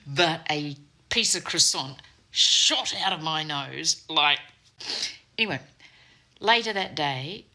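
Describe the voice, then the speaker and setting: A woman's voice: low-pitched, animated, slow, long pauses, pushed and bright. An Australian woman telling a workplace story in a blunt, sarcastic manner, swearing freely. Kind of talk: casual anecdote.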